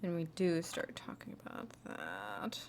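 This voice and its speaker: A woman's voice: sits low, big pitch swings, unhurried, slight background noise. A woman chatting casually while she edits a video, laughing at herself and murmuring as she works. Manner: giggly, self-deprecating, drops to a murmur while working. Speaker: video editor streaming her work. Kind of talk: casual chat while editing.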